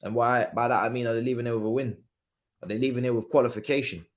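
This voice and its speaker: A young man reacts to a football match live, talking casually and in slang. He jumps between calm remarks and sudden shouts at the players, his voice at an ordinary middle pitch. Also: fast. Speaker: watchalong streamer. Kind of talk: live football watchalong commentary.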